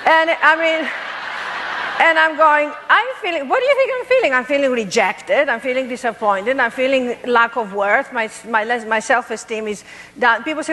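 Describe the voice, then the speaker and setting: A woman's voice: sits high, normal speed, in a large hall. Greek-accented woman telling her story. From Greece. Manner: animated, playful, laughs at herself. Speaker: motivational speaker. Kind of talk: storytelling talk to an audience.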